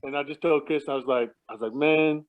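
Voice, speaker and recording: A man's voice: medium pitch, fast talker. A man casually telling family stories on a phone call, chuckling often and restarting his sentences as he rambles. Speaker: relative sharing memories at a family remembrance. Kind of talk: casual anecdotal storytelling. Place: at home at night. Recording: tinny phone line.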